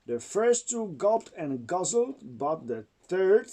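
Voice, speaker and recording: A man's voice: high-pitched, very animated, slow, dark tone. A man with Czech as his first language, reading a storybook aloud to his child at home in a sing-song way.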